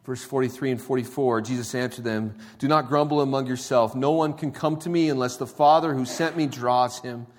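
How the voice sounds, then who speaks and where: Man preaching in a reverberant hall. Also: medium pitch. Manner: conversational preaching, swinging from quiet to emphatic. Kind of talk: sermon.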